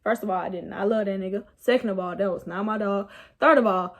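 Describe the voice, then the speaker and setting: A young woman, casually telling a rambling, animated story about her night out. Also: medium pitch, brisk. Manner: animated, rambling, laughs at herself. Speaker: vlogger.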